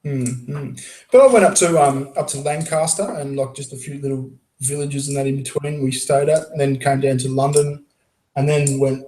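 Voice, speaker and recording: A man's voice: mid-range voice, fairly even intonation, normal speed, warm tone, echoey room, low-quality recording. An Australian man hosting a casual chat, blunt and sweary, laughing often.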